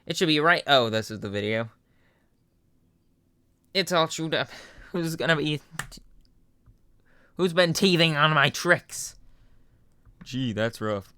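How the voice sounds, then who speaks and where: A young man voicing a loud, boastful and cheerful skeleton in a fan reading, with a shouty, theatrical delivery. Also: on the high side, lively intonation, takes it slowly, pauses often, clean tone, dry recording, pitched above the performer's own voice, heavily acted. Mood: excited. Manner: shouty, theatrical, self-assured. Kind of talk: fan voice reading of a game character.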